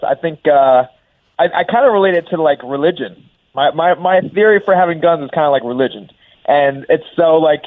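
A young professional fighter talking loosely as a guest on a radio show, rambling with lots of "like". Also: male voice, a little high, dry recording. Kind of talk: casual radio interview. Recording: tinny phone line.

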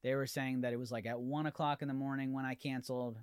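A man's voice: mid-range voice, fast talker, clear, resonant tone, no echo, studio quality. Exasperated man ranting on a podcast. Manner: animated, exasperated storytelling with repeated restarts. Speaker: podcast host. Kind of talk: ranting solo podcast monologue.

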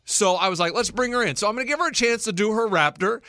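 This is a man hosting a loose, jokey podcast who keeps pushing the others and cutting in. His voice sits high and rings bright. The sound is dry and close. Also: fast, dry recording. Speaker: podcast host. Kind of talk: casual podcast banter.

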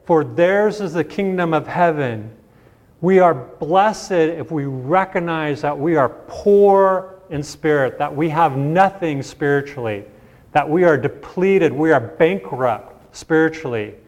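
A man's voice: on the high side, a little mellow. A man preaching a sermon in a conversational way, asking rhetorical questions and often restarting his sentences. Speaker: pastor.

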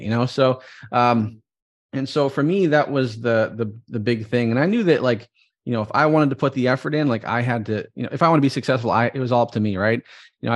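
A man as an interview guest, talking in a rambling way with lots of "like" and "you know" and an upbeat tone. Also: mid-range voice. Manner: rambling, many fillers and restarts, upbeat. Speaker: guest entrepreneur. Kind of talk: interview conversation.

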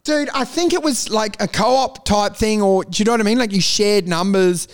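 A man's voice: high-pitched, normal speed. A man from South Africa telling rambling, profane anecdotes in casual chat, laughing often.

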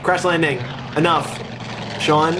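Male podcast host, slightly high pitch; jokey, rambling, teasing delivery. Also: steady tone, slow, music in the background. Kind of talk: casual podcast chat.

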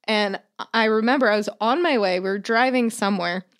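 A woman's voice: medium pitch, brisk, clear, resonant tone. A young woman co-hosting a podcast, chatting casually and swearing freely as she acts out stories about her family. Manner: chatty, profane storyteller who acts out family members. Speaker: podcast co-host. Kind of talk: casual chat.

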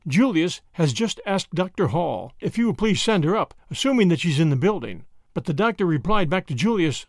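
A man narrating an audiobook in an expressive storytelling way. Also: high voice, fairly quick, hardly any pauses, no room sound, clean studio sound.

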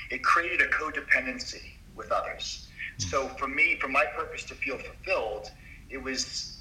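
A middle-aged doctor, a guest on a podcast, tells his story to an interviewer in an earnest, emphatic, confiding way, a kind of confessional storytelling in conversation. His voice is medium-pitched, bright and forceful. The sound is roomy, recorded from a distance off mic.

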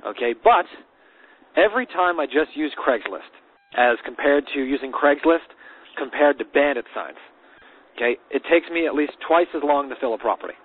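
Husky-voiced man on a dry phone line. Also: fairly high pitch, animated, moderate pace. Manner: storytelling, confident, repeats words while thinking. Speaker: podcast co-host. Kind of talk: casual business talk.

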